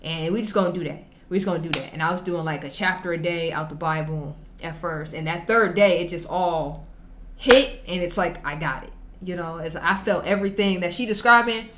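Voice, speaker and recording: A woman's voice: lowish voice, brisk, noisy background. A woman hosting a reaction video, telling her own story in a chatty, slangy, laid-back way. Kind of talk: casual reaction commentary.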